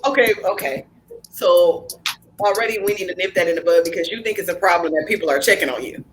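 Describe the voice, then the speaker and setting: A woman's voice: lowish voice, fast talker, over music, low-quality recording. Woman podcast host, blunt storyteller, cusses a little, does the voices. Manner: storytelling, acting out family dialogue; frank, blunt, with mild cursing. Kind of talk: casual podcast chat.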